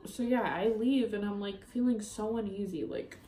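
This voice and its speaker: A young woman vlogger tells a heated, profane breakup story, packing every sentence with fillers. Her voice is mellow and dark in tone. The sound bounces around a roomy space, with a faint hum of noise behind her. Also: medium pitch, moderate pace. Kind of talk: casual storytime.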